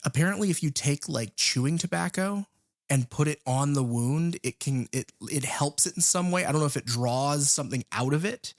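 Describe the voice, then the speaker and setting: A man's voice: on the high side, normal speed, dry recording, studio quality. A man co-hosting a film podcast, talking casually and hesitantly, with frequent ums as he tells stories. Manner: hesitant, many ums, relaxed storyteller. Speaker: podcast co-host.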